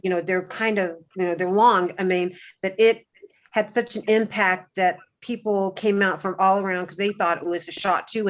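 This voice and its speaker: A woman speaking on a video call panel, telling a personal story in a halting way with many restarts and fillers. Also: lowish voice, a little hiss or hum.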